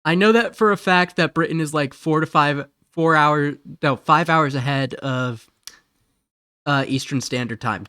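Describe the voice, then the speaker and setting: A man's voice: on the high side, unhurried, bright, forceful tone, smooth, dry recording, studio quality. A man from Ohio chatting casually while streaming a game, rambling, giggly and correcting himself as he goes. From Ohio, USA. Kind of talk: casual live-stream chat.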